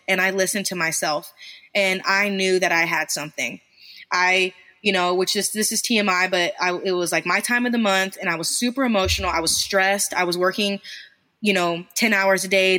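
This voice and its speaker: Candid, bright-voiced woman guest. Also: lowish voice. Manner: candid, self-deprecating, swears casually. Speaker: business founder, podcast guest. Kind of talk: casual interview storytelling.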